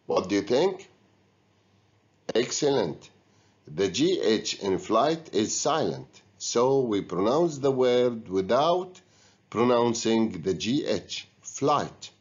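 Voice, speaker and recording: A man's voice: medium pitch, sing-song, takes it slowly, a little mellow. A man teaching an English lesson, giving patient step-by-step instructions to students. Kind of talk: recorded classroom lesson. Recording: dull lo-fi recording.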